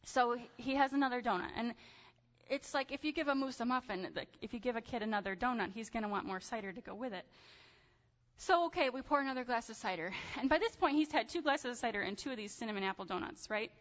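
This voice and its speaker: A woman in her thirties telling a personal story in a sermon, animated and chatty with casual fillers. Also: on the high side, fast talker. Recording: dull sound with long hall reverb.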